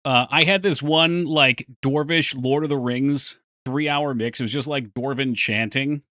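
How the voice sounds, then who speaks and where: A man's voice: medium pitch, fairly even intonation, unhurried, bright, forceful tone, no echo, studio quality. A man chatting casually on a live stream while working on his game, thinking aloud and answering chat. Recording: faint music behind voice.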